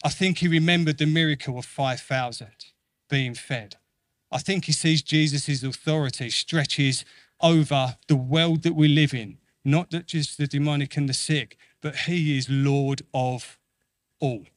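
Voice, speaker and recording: A man's voice: a little high, a little slow, dry recording. Earnest male preacher, dry close sound. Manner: earnest, repeats phrases for emphasis; acts out quoted voices with lively shifts. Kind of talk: sermon.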